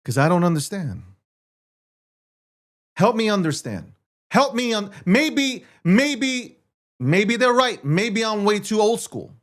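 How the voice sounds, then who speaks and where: Brash, profane man with a high voice. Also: sing-song, slow, pauses often. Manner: repeats phrases, rhetorical questions. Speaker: show host. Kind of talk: livestream rant to viewers.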